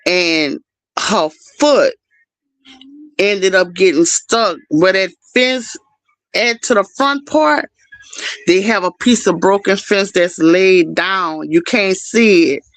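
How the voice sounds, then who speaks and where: A middle-aged woman on a livestream, telling a story in an animated, casual way straight to her viewers. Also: medium pitch, no room sound. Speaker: livestream host.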